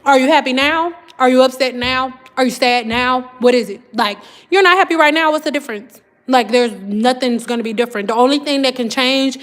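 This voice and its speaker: A woman's voice: sits high, brisk, few pauses, a bit bright. A woman, chatting casually on a livestream and often saying "girl" and "y'all". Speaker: livestream host.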